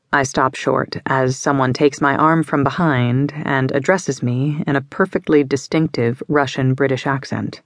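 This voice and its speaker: A woman narrating a contemporary romance audiobook in the first person, with measured, intimate storytelling. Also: very deep voice, fairly even intonation, no room sound, clean studio sound.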